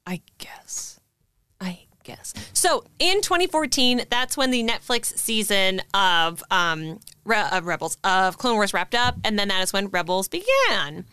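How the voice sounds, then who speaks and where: Bright-voiced woman hosting a chat. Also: mid-range voice, big pitch swings, moderate pace, hardly any pauses, smooth, dry recording. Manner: chatty and upbeat, with frequent fillers. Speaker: podcast host teaching the lesson. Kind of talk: casual chat.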